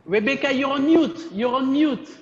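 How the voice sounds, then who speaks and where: A woman hosting a video call, brisk and playful, introducing guests. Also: high-pitched, dull audio. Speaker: event host.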